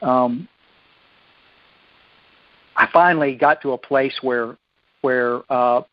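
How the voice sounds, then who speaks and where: A man telling his recovery story at a meeting, folksy and self-deprecating, often halting and restarting his sentences. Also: medium pitch, no room sound. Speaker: recovery speaker. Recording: dull lo-fi dry recording.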